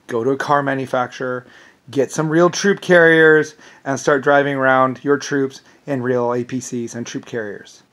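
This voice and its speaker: A man's voice: mid-range voice, steady tone, moderate pace, fairly bright tone. A man delivering an angry, rambling vlog monologue, swearing and repeating words as he stumbles. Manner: profane, indignant, repeats words when stumbling. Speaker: vlogger.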